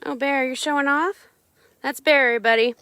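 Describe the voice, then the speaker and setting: A woman's voice: high-pitched, fairly even intonation, a little fast, bright, forceful tone, no echo. A woman chatting casually on a live stream outdoors on her ranch, talking sweetly to her animals.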